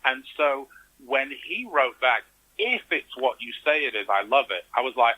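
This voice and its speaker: Animated storytelling man with a husky voice. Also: mid-range voice, moderate pace, poor audio. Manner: animated storytelling, acts out quoted reactions. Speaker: interview guest. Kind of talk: conversational interview.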